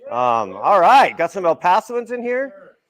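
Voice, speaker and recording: A man giving a casual, animated storytelling keynote to a live audience at an event hall. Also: high-pitched, measured pace. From El Paso, Texas. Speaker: keynote speaker. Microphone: handheld mic, partly without it.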